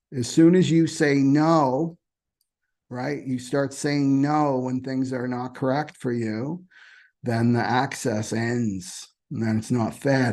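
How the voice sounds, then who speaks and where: The astrology host's mellow, medium-pitched voice carries a casual spiritual teaching. He repeats himself loosely and regularly tags his points with "right?".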